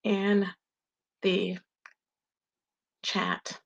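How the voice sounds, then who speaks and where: A woman's voice: medium pitch, completely flat delivery, very slow, gravelly, lo-fi sound. A woman hosting a casual gossip livestream, reading chat and reacting with lots of exclamations. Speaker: livestream host.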